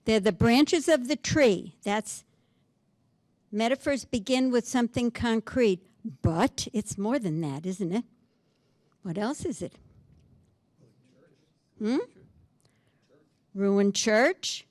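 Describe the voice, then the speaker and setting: A woman giving a poetry lecture, reading verse slowly and with emphasis, then asking her listeners questions. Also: a little high, animated, a little mellow, dry recording.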